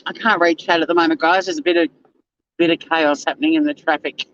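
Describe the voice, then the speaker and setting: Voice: medium pitch, fairly even intonation, quick pace, fairly bright tone, slight background noise. A livestream host, chatting casually with viewers and reading chat, swearing freely and laughing often. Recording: dull lo-fi dry sound.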